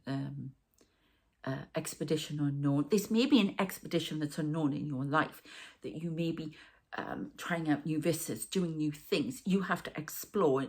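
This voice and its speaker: A middle-aged woman giving a rambling channelled tarot reading, talking to the viewer and aside to spirits. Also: lowish voice. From northern England. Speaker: tarot reader and medium.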